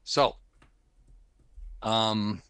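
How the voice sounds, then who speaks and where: A man's voice: on the low side, fairly even intonation, very slow, a bit bright, clean tone. A man hosting a podcast, chatting casually and reading the show intro in an upbeat way, laughing often. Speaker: podcast host.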